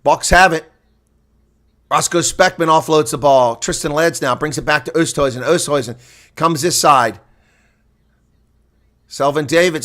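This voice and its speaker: Bright-voiced man calling live rugby. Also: on the high side. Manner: rapid play-by-play, jumping to excited shouts on big plays; chatty asides to viewers. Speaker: rugby commentator. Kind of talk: live play-by-play reaction commentary.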